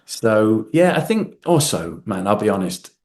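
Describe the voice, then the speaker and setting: Man, forties, podcast guest, lively storyteller, laughs a lot. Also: on the low side, unhurried. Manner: animated storyteller, laughs often, puts on voices in anecdotes. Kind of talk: casual chat.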